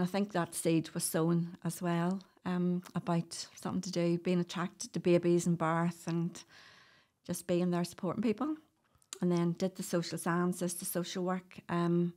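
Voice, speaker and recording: Warm in tone and on the low side, the voice belongs to a middle-aged Northern Irish doula. As a guest in a casual podcast interview, she chats, tells stories and laughs frequently.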